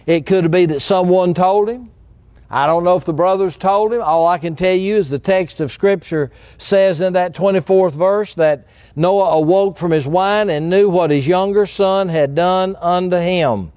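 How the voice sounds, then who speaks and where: A man's voice: high-pitched, normal speed, a little mellow, no room sound, clean studio sound. A man preaching a sermon as pastor, folksy and direct with the congregation.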